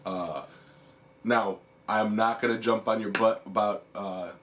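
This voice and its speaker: Easygoing male stream host with a very low voice and a quick chuckle, casual chat. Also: a little hiss or hum. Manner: chuckles often while reading chat; relaxed, rambling, lots of ums. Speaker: livestream host.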